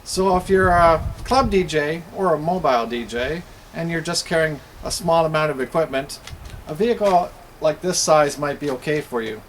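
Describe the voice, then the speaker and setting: A middle-aged man, a professional DJ, explaining the trade in a plain, steady teaching voice with frequent pauses. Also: a little high, a little hiss or hum. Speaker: professional DJ and instructor. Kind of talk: instructional explanation.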